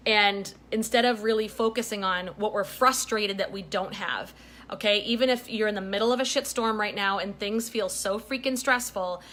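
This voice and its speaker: A woman's voice: mid-range voice, a bit bright. Chatty middle-aged woman giving advice. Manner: chatty and emphatic, frequent "okay?" and "right?" check-ins. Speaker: vlogger giving life advice. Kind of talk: casual direct-to-camera advice.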